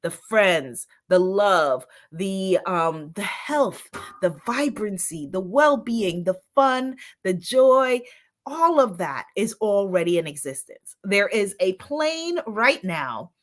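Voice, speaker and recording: A woman's voice: mid-range voice, sing-song, takes it slowly. A woman hosting an inspirational live-stream talk, enthusiastic, laughing often and repeating affirmations. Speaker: spiritual host.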